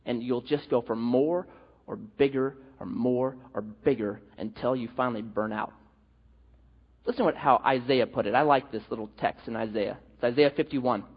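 A man's voice: mid-range voice, moderate pace, slightly rough. A male pastor preaching a sermon, telling stories animatedly with jokes, in an echoey hall with dull sound.

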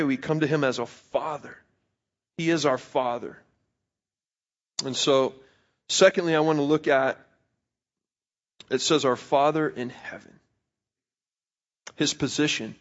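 A young man preaching a sermon, telling stories from his family life in a conversational way with a bit of self-deprecating humor. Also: mid-range voice. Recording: slightly dull lo-fi recording.

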